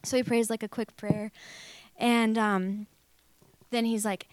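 A young woman tells her own faith story in an open, rambling way, full of fillers and little acted-out quotes. Her voice sits at a middling pitch and the recording is dry, with no room sound around her. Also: fairly even intonation, unhurried, long pauses, darkish tone, dry recording. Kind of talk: personal testimony.

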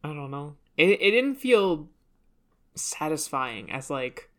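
A woman's voice: low voice, sing-song, takes it slowly, fairly bright tone. A woman co-hosting a casual chat about a video game, hesitant and full of fillers and restarts.

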